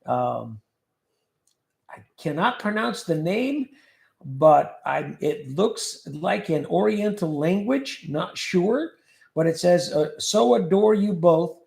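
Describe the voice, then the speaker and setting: A man's voice: high voice, animated, takes it slowly, creaky, darkish tone, reverberant. A man hosting a casual livestream, reading viewer comments aloud and joking about them. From California. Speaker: livestream host reading chat.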